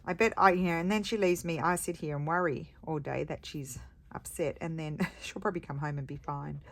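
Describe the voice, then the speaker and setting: A woman's voice: low-pitched, fairly even intonation, fairly quick, a bit bright. A middle-aged woman chatting casually and rambling about her day while she works on a craft project. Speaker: craft video host.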